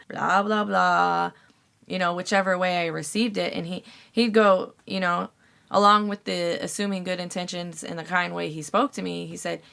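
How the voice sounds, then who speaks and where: A woman's voice: fairly low pitch, creaky, fairly bright tone. A woman hosting a podcast, talking candidly about relationships in a casual advice monologue, swearing freely and using lots of fillers. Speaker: podcast host.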